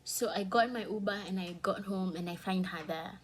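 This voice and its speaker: A woman's voice: medium pitch, moderate pace, a crowd in the background. Emotional woman holding back tears. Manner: candid, emotional, swings from hushed to heated. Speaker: vlogger. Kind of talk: personal storytime vlog.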